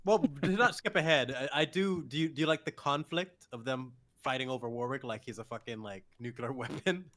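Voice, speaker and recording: A man with a mid-pitched voice talks casually on a podcast. He gives his opinions bluntly and swears freely. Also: fairly quick, hardly any pauses, a bit bright. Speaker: podcast co-host. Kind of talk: casual chat.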